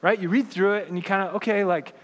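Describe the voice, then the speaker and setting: A man's voice: sits high, fast, long reverb tail. A man preaching a sermon as pastor in a casual, conversational way, often asking "right?" to the congregation.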